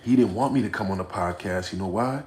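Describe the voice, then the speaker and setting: A man hosting a livestream, reading chat aloud and reacting bluntly, swinging between low mutters and loud outbursts. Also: fast, echoey room, slight background noise. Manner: blunt, profane, confrontational. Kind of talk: casual livestream rant.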